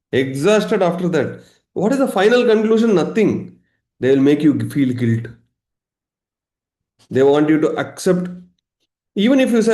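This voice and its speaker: A man teaching a live online session as a meditation coach, lively, acting out everyday examples and laughing. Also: fairly high pitch, roomy sound. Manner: animated, acts out examples, laughs often.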